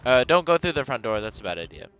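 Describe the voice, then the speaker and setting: A man talks over voice chat during a zombie game, jokey and quick to react. His pitch swings widely as he talks. Game music plays clearly behind him. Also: very animated, a bit bright. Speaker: gamer. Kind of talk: casual gaming chat.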